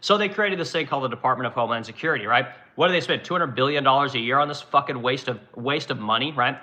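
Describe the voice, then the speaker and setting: A man's voice: a little high, bright, forceful tone. A man delivering a heated, profane political rant to his viewers, rambling and asking "right?" as he reads comments. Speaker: live-stream host reading comments.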